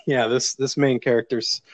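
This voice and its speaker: A man's voice: mid-range voice, steady tone, a little slow, dry recording. A man co-hosting a podcast, laughing often and casually agreeing while discussing a film. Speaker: podcast co-host. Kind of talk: casual movie review chat.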